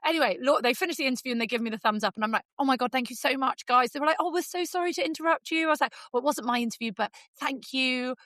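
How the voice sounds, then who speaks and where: A woman with an English accent, co-hosting a podcast and telling a story in casual, lively chat, jumping into high voices for quotes. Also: very fast, hardly any pauses, no room sound. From England. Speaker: podcast co-host.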